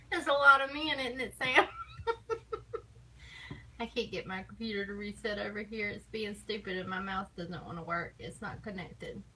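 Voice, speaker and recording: A woman's voice: mid-range voice, huge pitch swings, slow pace, pauses often, bright, forceful tone, a little hiss or hum, low-quality recording. A woman with a Southern US accent chatting casually on a live stream, laughing often and teasing. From American South.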